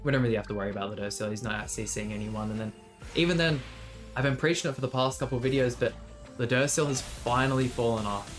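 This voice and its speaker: A man talks his way through a game match, thinking aloud and rambling, often restarting mid-sentence. His voice sits at an ordinary middle pitch. Soft music plays quietly behind him. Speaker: gaming video creator. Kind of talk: casual gameplay commentary.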